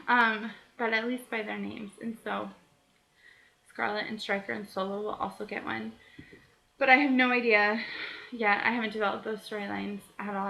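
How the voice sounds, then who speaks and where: A woman's voice: a little high, vocal fry, pushed and bright, rough recording. A woman in her thirties, an author chatting casually on a vlog, answering reader questions with frequent laughs and self-deprecating asides.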